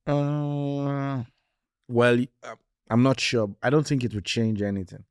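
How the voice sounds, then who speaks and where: A man's voice: mid-range voice, fairly even intonation, takes it slowly, clean tone, no room sound, studio quality. A man co-hosting a casual football podcast, talking in an emphatic way and repeating his points. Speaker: podcast co-host.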